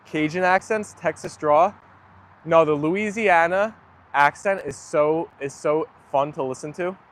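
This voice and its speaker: This young livestream host speaks at a measured pace in a fairly high-pitched voice. Relaxed and chatty, he responds to viewer comments as they come in and frequently agrees with them.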